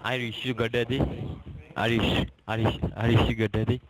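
A man's voice: mid-range voice, flat delivery, brisk, rough recording. Combative male caller, insulting, mid-range voice, over a phone. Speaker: phone scammer. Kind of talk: phone call.

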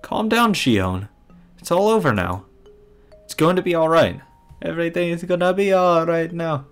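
A man's voice: medium pitch, big pitch swings, normal speed, sharp tone, soft background music. Man reading a worried teen boy, urgent, soothing, raised voice. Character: anxious teenage boy trying to stay calm.

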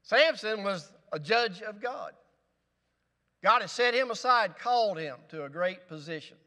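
High-voiced man preaching in a reverberant church. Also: lively intonation, unhurried, sharp tone. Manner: preaching with rising emphasis and rhetorical questions. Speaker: pastor. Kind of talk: sermon. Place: church sanctuary.

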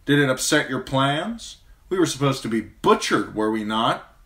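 A man's voice: mid-range voice, big pitch swings, moderate pace, pushed and bright, voice pushed up. A man reading an audiobook, voicing a bitter, sarcastic wounded dwarf lord in a raised, clipped voice.

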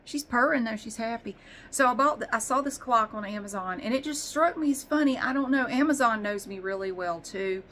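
A woman's voice: on the high side, a little fast, pushed and bright, slight background noise, rough recording. A woman vlogger chatting casually, rambling and swearing with self-deprecating humor. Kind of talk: casual chat.

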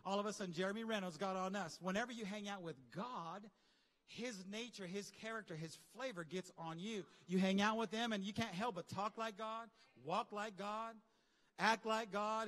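Male pastor, high-pitched, lively conversational preacher, reverberant hall sound. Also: normal speed. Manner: animated, conversational preaching with slang and asides. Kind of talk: sermon. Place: large church hall.

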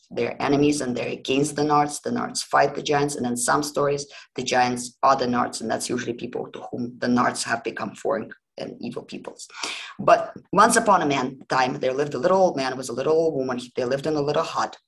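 This woman hosts a history podcast and retells fairy tales casually, chatting informally and wandering into plenty of asides. Her voice is extremely low with vocal fry, and the recording is rough.

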